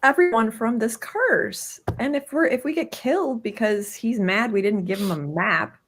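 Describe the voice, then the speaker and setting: A woman's voice: medium pitch, very animated, moderate pace, breathy edge. A woman player chatting casually about a tabletop game, persuasive but tentative. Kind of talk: casual chat.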